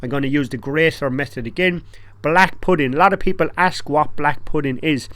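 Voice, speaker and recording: A man's voice: on the high side, brisk, a bit bright, no echo. An Irish man in his thirties, chatting casually and jokily with slang as he makes food for a home cooking vlog. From Ireland. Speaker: home cook and vlogger.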